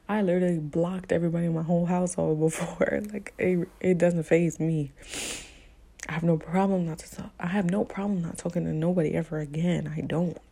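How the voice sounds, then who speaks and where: Young woman, confessional storytime vlog, blunt slang, lower-pitched, mellow. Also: gravelly, husky. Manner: candid and emotional, blunt slang with many fillers. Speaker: vlogger telling a personal story.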